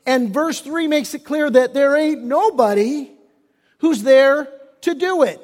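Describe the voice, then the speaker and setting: A man's voice: extremely high pitch, measured pace, a little mellow. A man preaching a sermon as pastor, impassioned and folksy, rising and dropping his voice, often restarting phrases. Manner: casual folksy wording. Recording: long reverb of a church hall.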